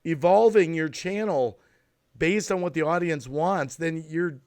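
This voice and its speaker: Casting note: a fired-up male stream host with a slightly high voice, on a venting rant. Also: measured pace, darkish tone. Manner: worked up and ranting, apologizing for cutting in. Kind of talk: casual live stream chat.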